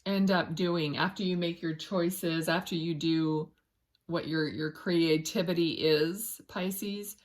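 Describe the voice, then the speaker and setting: A woman reading tarot as a psychic medium in a casual, rambling way. She often searches for words and restarts, and murmurs softly to spirit between cards. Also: lowish voice.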